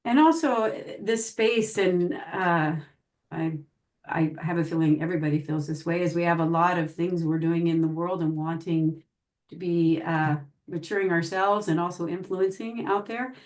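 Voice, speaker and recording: A woman's voice: on the low side, normal speed, darkish tone. A woman taking part in a coaching group, sharing her reflections earnestly and with some hesitation. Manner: earnest, hesitant, with light laughs. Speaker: coaching participant.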